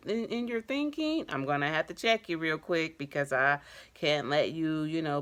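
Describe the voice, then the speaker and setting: A middle-aged woman who works as an addiction counselor, talking candidly on her vlog and telling her own story with casual slang and open emotion. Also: sits low. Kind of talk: personal vlog talk.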